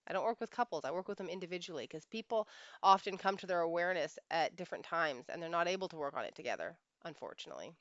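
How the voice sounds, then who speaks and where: Low-voiced woman coach telling a story. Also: fairly bright tone, dry recording, highs cut off. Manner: emphatic, repeats phrases for weight. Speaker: life coach. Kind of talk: storytelling monologue.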